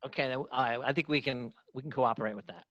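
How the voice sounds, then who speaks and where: A man hosting an online open mic over a video call, talking in a halting, unhurried way with pauses and restarts. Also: medium pitch, a bit bright, dry recording, muffled recording. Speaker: open mic host and musician. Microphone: computer mic on a video call.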